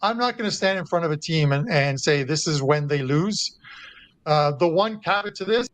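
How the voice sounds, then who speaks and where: A man's voice: fairly high pitch, expressive, normal speed, no room sound. Chatty man breaking down soccer bets. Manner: chatty, with frequent uh fillers and restarts. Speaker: guest handicapper. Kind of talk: sports betting analysis.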